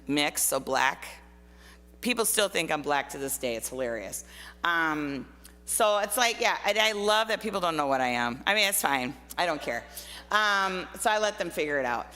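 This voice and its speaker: This is casual personal talk from a middle-aged woman from Minnesota, a guest artist sharing anecdotes chattily with lots of filler words. She has a low-pitched, sharp-toned voice, and the church hall recording carries a long reverb.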